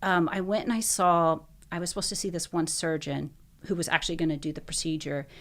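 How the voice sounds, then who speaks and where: A woman's voice: fairly low pitch, fairly even intonation, a little fast, fairly bright tone. A young adult woman, a podcast guest, telling her personal story in an earnest, emotional way, with many filler likes.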